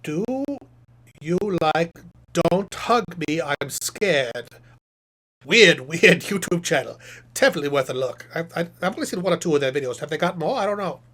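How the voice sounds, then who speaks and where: A man voicing a chatty, self-satisfied male puppet professor who hosts a live stream, reading chat questions aloud and rambling through them with deadpan jokes. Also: a little high, moderate pace.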